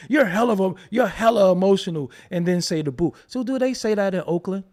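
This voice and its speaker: A man hosting his own live stream rants to his chat in a high, expressive, slightly mellow voice, talking fairly quickly with few pauses. He answers the chat mockingly and profanely, laughing often.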